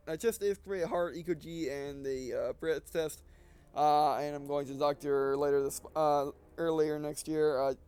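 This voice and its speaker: A gaming video creator speaks in a fairly high yet darkish, smooth voice. He gives casual, rambling gameplay commentary while short of breath, often restarting and correcting himself.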